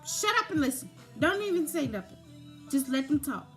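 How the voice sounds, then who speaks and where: A woman's voice: high-pitched, big pitch swings, moderate pace, fairly bright tone. A young woman giving informal, conversational advice about grief, with frequent fillers. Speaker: grief talk presenter. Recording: faint background music.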